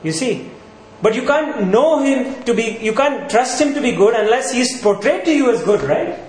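A male pastor with an extremely high, lively voice preaches at a moderate pace, leaning on rhetorical questions and repetition to drive points home. The sound echoes through the church, with faint noise present.

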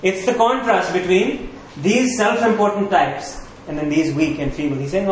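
A man's voice: high-pitched, normal speed, few pauses, slight background noise. A man preaching a sermon as pastor in a conversational, earnest way, often checking in with the listeners. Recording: roomy echo.

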